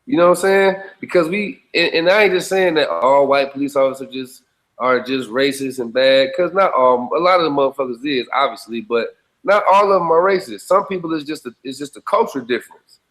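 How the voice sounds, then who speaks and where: A man's voice: mid-range voice, a little fast, fairly bright tone, low-quality recording. A man speaking bluntly and emphatically in casual conversation, swearing freely and often checking that his listener follows him. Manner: blunt, profane, emphatic street talk; repeats checking phrases to the listener.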